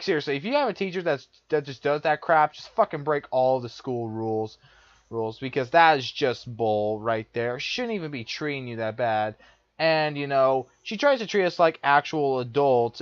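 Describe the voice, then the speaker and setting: In a dull, dry, lo-fi recording with no room sound, a young male vlogger rants about something that happened to him. He's exasperated and profane, going over the same points again and again in a medium-pitched voice.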